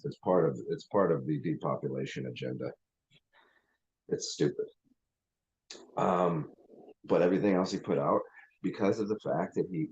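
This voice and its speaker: A man's voice: sits low, a little mellow, slightly rough, muffled recording. A man hosting his channel, ranting in a rambling, profane way with lots of restarts. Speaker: channel host. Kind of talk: casual livestream rant.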